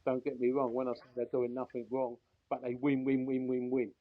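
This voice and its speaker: A man's voice: medium pitch, monotone, fairly quick, narrow, tinny audio. An older man with a London accent tells rambling stories about his life in betting, in a loose, colloquial way. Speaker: guest bookmaker. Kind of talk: casual storytelling chat.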